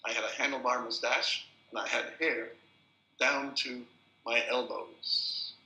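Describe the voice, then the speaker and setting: An older man, a film director, telling anecdotes at a festival introduction as a lively storyteller who repeats words at restarts. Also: medium pitch, unhurried. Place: festival screening venue. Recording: roomy hall sound.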